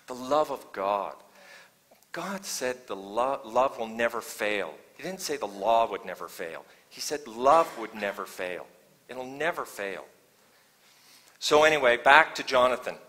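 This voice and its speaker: A man's voice: medium pitch, expressive, unhurried. A man preaching a sermon as a guest pastor, chatting one moment and fervent the next. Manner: conversational preaching, swings from hushed to fervent. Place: church sanctuary. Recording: long church hall reverb.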